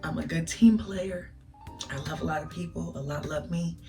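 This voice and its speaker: A young woman telling a casual storytime vlog, animated and emotional, laughing through tears. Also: sits low, moderate pace. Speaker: vlogger. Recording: distant mic with music behind.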